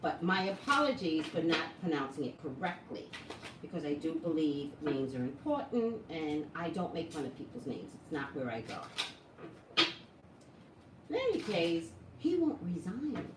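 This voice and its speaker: Woman psychic vlogger, lively chatty delivery; roomy, distant, noisy home recording. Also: low voice, normal speed. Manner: chatty, animated, asks viewers questions. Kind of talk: casual talk to viewers. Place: home room with an open door. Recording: echoey room, voice from off-mic, noisy background.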